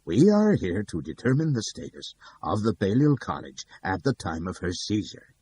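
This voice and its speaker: A man's voice: fairly low pitch, sing-song, normal speed, darkish tone, slight background noise. Man doing a formal, courtly defense lawyer. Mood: formal protest. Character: smooth measured male defense lawyer.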